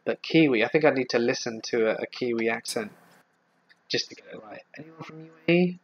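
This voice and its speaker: A man with a Southeast English accent hosting a casual live stream, reading viewer comments aloud and answering them in a relaxed, rambling way. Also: mid-range voice, brisk, slightly rough, dull audio. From England.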